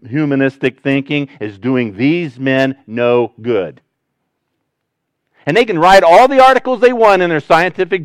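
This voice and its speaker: A male pastor preaching a conversational sermon to his congregation, switching between loud, animated rises and quiet, low asides. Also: smooth, no echo.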